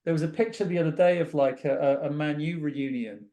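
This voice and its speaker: A man in his forties hosts a podcast in easy casual chat, friendly and conversational. His voice sits a touch high for a man. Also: fairly quick, dark tone. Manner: friendly, chatty interviewer. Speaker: podcast host.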